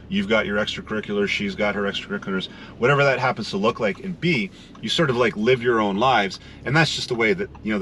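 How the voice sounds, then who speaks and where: Man, podcast co-host, measured, low voice, slight background hiss. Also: fairly bright tone. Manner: measured, explanatory, many "you know" fillers. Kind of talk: casual chat, explaining relationship advice.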